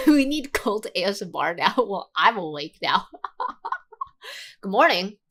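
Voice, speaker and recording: A woman livestreamer giving casual commentary in an animated, crude and rambling way. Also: mid-range voice, slow.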